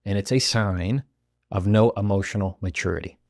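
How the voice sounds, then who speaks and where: A man's voice: fairly low pitch, moderate pace, gravelly, no echo, studio quality. A man, hosting a motivational podcast and acting out quoted voices. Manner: animated, acts out quoted voices. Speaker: podcast host.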